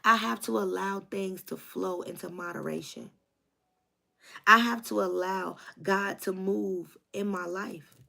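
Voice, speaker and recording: A woman reading tarot to her viewers in a preachy, rhythmic way, repeating her lines to drive them home. Her voice is bright, with a gravelly fry running under it. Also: medium pitch, steady tone, measured pace. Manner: preachy, rhythmic repetition, hyped. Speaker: tarot reader.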